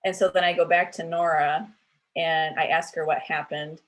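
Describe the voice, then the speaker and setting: Low-voiced woman, chatty and candid. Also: level tone, normal speed, low-quality recording. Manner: chatty, many filler words, self-correcting; candid and self-deprecating. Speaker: panel speaker at a church women's event. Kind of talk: casual panel discussion.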